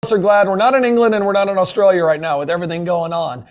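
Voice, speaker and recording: A man's voice: sits high, fairly even intonation, quick pace. A man hosting a webinar, eagerly introducing a guest with gushing praise and frequent fillers. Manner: eager and effusive, with many fillers. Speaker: webinar host.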